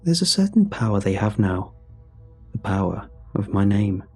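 A man narrating a scripted horror story in a measured, somber way. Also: fairly low pitch, very animated, a little mellow, slightly rough, faint music behind.

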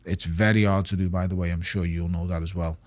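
A man's voice: sits low, flat delivery, fast, dry recording. A middle-aged man, a retired boxer talking candidly in an interview, blunt and swearing. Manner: blunt, swears often, repeats words when emphatic. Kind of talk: candid podcast conversation.

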